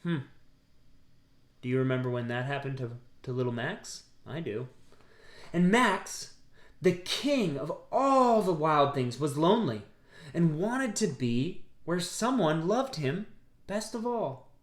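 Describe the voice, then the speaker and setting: A man reading a picture book aloud, gently pausing to ask his listeners questions. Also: on the high side, big pitch swings. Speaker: storybook reader. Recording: roomy echo.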